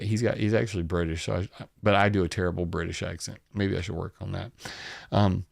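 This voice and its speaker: A man's voice: sits low, fairly even intonation, a little fast, vocal fry, dry recording, studio quality. A man with a Southern US accent, hosting his own channel and giving rambling, sarcastic commentary, swearing freely. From Southern United States. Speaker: channel host. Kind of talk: casual commentary on news.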